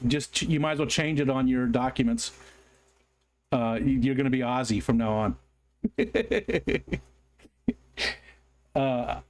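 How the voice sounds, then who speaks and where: With a medium-pitched voice, an American man runs a casual livestream where he chats and reads viewer comments out loud. He rambles and apologizes, with frequent ums and restarts.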